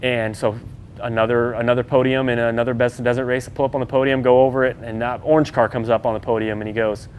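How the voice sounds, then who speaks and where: A fast-talking off-road racer with a mid-range voice and flat delivery shares his story in an interview. He keeps it loose and chatty, leans on fillers, and acts out what people said. The audio carries a little hiss or hum.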